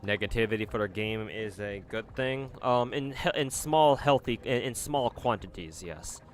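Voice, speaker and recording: Low-voiced male streamer, rambling. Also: moderate pace, a little hiss or hum. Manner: rambling, with frequent fillers. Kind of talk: casual live-stream chat.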